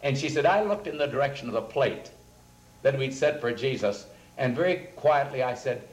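Pastor guy telling little faith stories, earnest, average pitch, echoey room. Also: expressive, normal speed, darkish tone. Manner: earnest anecdotal storytelling, quotes people in a raised voice. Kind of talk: storytelling sermon talk. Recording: roomy echoing recording.

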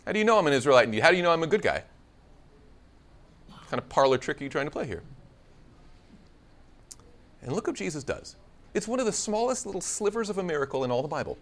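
A man's voice: a little high, quick pace, pauses often. A man preaching a conversational sermon, acting out scripture dialogue with playful humor. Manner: conversational, animated, acts out biblical dialogue with humor.

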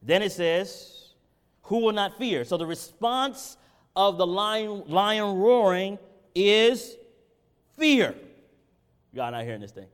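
Male preacher, high voice, sermon in a big echoing hall, shifts from fiery to conversational. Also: animated, slow, long pauses, clear, resonant tone. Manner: swings from loud impassioned peaks to low conversational teaching. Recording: reverberant hall.

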